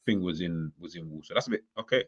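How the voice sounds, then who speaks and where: Casting: low-voiced man from London, chatty, halting, a bit lo-fi. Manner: chatty, halting, many restarts. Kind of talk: casual football banter.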